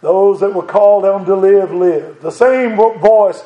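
A male preacher with a drawl and a high, light voice delivers a sermon in an echoing sanctuary. He moves from tender and reflective to fervent and rousing, chuckling now and then. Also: measured pace, dark tone, dull audio.

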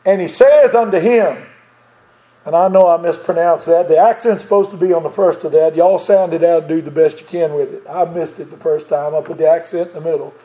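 High-voiced preacher in an echoey church. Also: male voice, steady tone, brisk, mellow. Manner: emotional, rising into fervent preaching with chuckles. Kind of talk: sermon.

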